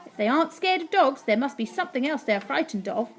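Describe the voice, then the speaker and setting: An excitable young boy in a storybook, eager and urgent, as a woman reads him. His voice is high and swings all over. He talks fast whenever trouble comes. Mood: worried. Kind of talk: storybook reading.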